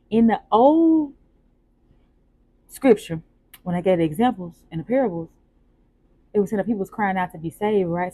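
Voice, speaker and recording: A young woman speaking, hosting a casual spoken devotional with animated, repetitive, preacher-like emphasis and rhetorical questions. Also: mid-range voice, dry recording. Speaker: host journaling aloud on faith.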